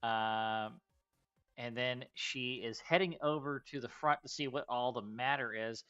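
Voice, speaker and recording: Halting man narrating as game master. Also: mid-range voice, sharp tone, smooth, muffled recording, faint music behind. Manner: halting, with many fillers.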